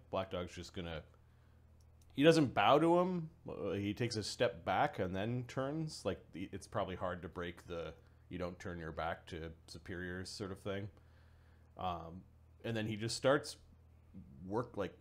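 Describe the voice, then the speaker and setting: A man playing a tabletop role-playing game, describing his character in a relaxed, rambling way with casual swearing. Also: fairly low pitch, a little slow. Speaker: player.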